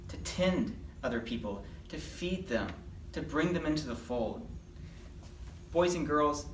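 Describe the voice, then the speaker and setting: Children's Bible storyteller, lively, acting out voices, mid pitch, echoey room, mic at a distance. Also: a little hiss or hum. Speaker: children's Bible lesson leader. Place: church.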